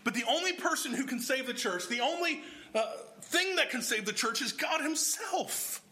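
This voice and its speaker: A man's voice: very high voice, expressive, moderate pace, bright, forceful tone. A man preaching a sermon, explaining scripture verse by verse and putting questions to his congregation. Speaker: pastor.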